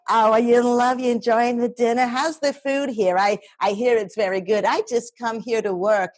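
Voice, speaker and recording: A woman's voice: medium pitch, no echo. A woman playing a chatty, nostalgic older New York lady who teases and gossips with the audience in a solo stage piece. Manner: gossipy, addresses the audience directly.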